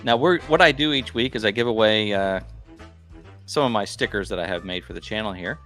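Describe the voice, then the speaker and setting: A man's voice: lowish voice, a little fast, fairly bright tone, faint music behind. A man hosting a gardening livestream, chatty and friendly, announcing giveaways and asking questions. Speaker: livestream host.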